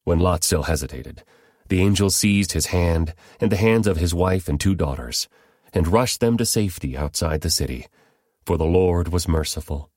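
Man reading scripture, really deep voice, dry close sound. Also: moderate pace, a little mellow, no echo. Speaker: scripture reader.

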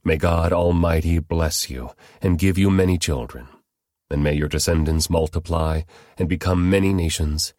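A man reading the part of an old blind father giving a solemn blessing, measured and grave. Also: low-pitched, a little mellow, dry recording, studio quality, lightly acted.

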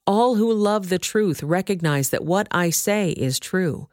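A woman reading as a calm male prisoner. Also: on the low side, a little slow, dry recording, studio quality. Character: calm male teacher, composed prisoner on trial.

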